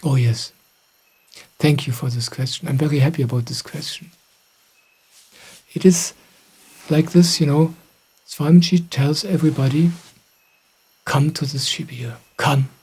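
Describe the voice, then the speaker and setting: Soft-spoken man giving spiritual guidance. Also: on the high side, fairly even intonation, moderate pace, pauses often, breathy edge. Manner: gentle, reflective, soft-spoken. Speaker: spiritual teacher. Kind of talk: calm satsang answering questions.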